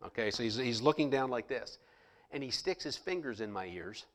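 A man telling a personal story to listeners in a lively way, acting out the people he quotes. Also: mid-range voice, fairly quick. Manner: animated, acts out the people he quotes. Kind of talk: personal anecdote told to listeners.

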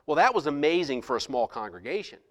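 Pastor telling a story in a reverberant hall. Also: male voice, on the high side, sing-song, fast talker, fairly bright tone. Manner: storytelling with many restarts and quoted dialogue. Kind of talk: sermon testimony. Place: church.

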